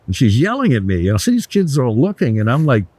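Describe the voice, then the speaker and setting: An older man, a resort founder, telling blunt, animated anecdotes in a casual interview, swearing freely. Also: mid-range voice, quick pace, husky, no room sound.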